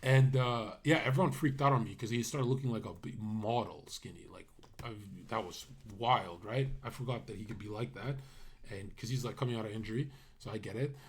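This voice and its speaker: A man's voice: on the low side, a little fast. A man streaming a casual monologue, brash and rambling, with many fillers and asides that trail off.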